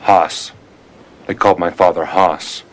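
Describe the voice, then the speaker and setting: A young captive cowboy, clipped and defiant and never giving an inch. His voice is a little low, and his replies stay short and stubborn. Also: fairly even intonation, unhurried, low-quality recording. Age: young adult. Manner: terse, curt, defiant replies. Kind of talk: 1990s TV western acting.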